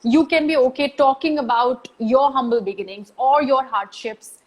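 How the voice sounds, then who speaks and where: A woman's voice: high-pitched, moderate pace, poor audio. A woman hosting a casual interview on a live video call, asking long, thoughtful questions. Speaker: interview host. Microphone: phone on a live video call.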